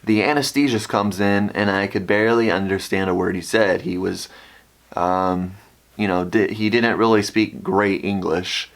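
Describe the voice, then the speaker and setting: Animated man telling a story to camera. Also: lowish voice, moderate pace. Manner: animated, acts out quoted voices. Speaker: vlogger. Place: indoor room with ring light.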